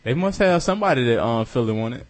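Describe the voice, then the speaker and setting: A man's voice: mid-range voice, expressive, quick pace. A man co-hosting a sports podcast, trading teasing jokes and laughing banter. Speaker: podcast co-host. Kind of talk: casual sports talk.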